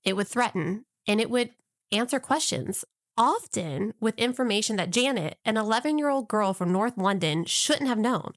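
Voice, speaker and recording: A woman co-hosting a podcast tells a story in a casual, wry, jokey way. Her voice is on the high side and animated at a moderate pace, captured in clean studio sound with no echo.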